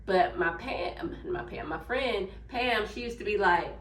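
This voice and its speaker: A woman's voice: medium pitch, expressive, measured pace, a bit bright, a little hiss or hum. Chatty Southern woman, roomy and distant. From Memphis, Tennessee. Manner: chatty, rambling, talks to viewers while cleaning. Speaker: vlogger. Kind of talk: casual lifestyle vlog. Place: home kitchen. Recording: roomy, from off the mic.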